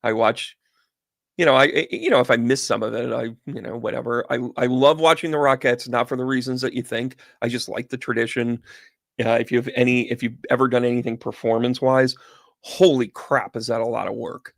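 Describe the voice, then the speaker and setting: A man hosting a casual livestream chat, chatty and animated, chuckling as he tells stories. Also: medium pitch, brisk, creaky, dry recording. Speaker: host and medium.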